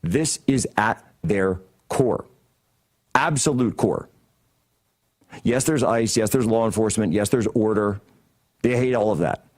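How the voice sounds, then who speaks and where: A man's voice: fairly low pitch, lively intonation, measured pace, long pauses, darkish tone. A man hosting a political talk show from a studio, delivering heated commentary in a combative, sarcastic, mocking way. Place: broadcast studio.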